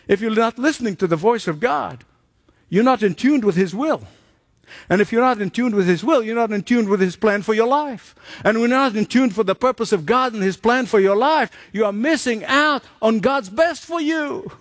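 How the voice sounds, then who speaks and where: A man preaching a sermon, telling stories with animated delivery and acting out the voices of the people in them. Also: high-pitched, normal speed, dry recording, studio quality. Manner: animated storytelling, acts out quoted voices.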